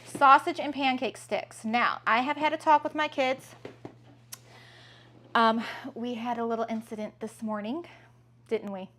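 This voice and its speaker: A woman's voice: fairly high pitch, fairly even intonation, unhurried, long pauses, pushed and bright. A woman, a mother and family vlogger, chatting casually and upbeat through a grocery haul at home, with plenty of "um"s. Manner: chatty, upbeat, many fillers.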